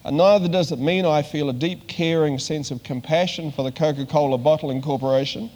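A man's voice: on the high side, brisk, a little mellow, big-room sound. An older man from New Zealand giving a conversational sermon as a preacher, with dry humor and frequent hesitations.

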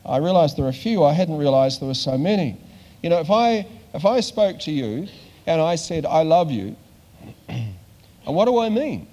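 Older nz guy giving a chatty sermon, kinda high voice, lots of uhs, dry jokes, big echoey hall. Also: sing-song, normal speed, dark tone. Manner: conversational, with dry humor and many fillers. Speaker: preacher.

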